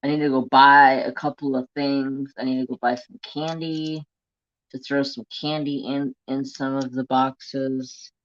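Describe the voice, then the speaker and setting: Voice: mid-range voice, flat delivery, a little slow, dry recording. A crafting live-streamer chatting casually and rambling to viewers and a pet at home. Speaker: crafting livestream host. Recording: dull lo-fi home stream audio.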